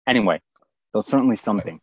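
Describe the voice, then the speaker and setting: Young man, casual storytelling, animated and jokey, dry close sound. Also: lowish voice, fast talker, husky, no room sound. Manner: animated, exaggerated storytelling with comic asides. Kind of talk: casual storytelling podcast chat.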